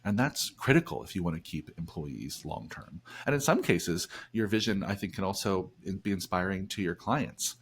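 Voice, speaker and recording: A man's voice: sits low, lively intonation, normal speed, hardly any pauses, husky. A man from New Jersey hosting a business podcast, chatty and upbeat, often restarting phrases as he talks. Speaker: podcast host. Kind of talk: casual podcast conversation.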